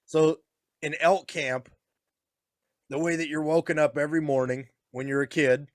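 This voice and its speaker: A man's voice: a little high, steady tone, moderate pace, dry recording, studio quality. A man telling crude hunting stories in a casual chat, laughing often and mimicking a stern father. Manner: crude, laughing storyteller, mimics his serious dad. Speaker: podcast co-host.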